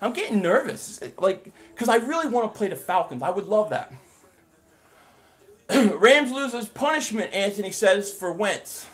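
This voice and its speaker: Host, man, higher voice, energetic play-by-play on a live stream, chats with his viewers. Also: a little slow. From Philadelphia area. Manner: excited play-by-play calling, reading and answering chat. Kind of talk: live game reaction stream.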